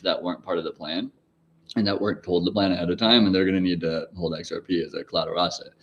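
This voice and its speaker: A man in his forties hosting a casual livestream, answering chat questions in a rambling way, laughing often and swearing now and then. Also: on the low side. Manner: rambling, laughs often, sudden loud outbursts.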